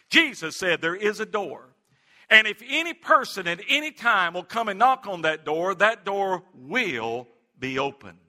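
A middle-aged man preaching a sermon as pastor, moving from earnest prayer to lively, animated storytelling. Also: high voice, slow. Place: church sanctuary. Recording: long hall reverb.

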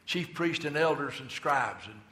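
A man preaching a sermon as pastor, emphatic, swinging between loud declarations and quiet asides. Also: on the high side, expressive, a little slow, roomy sound. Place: church.

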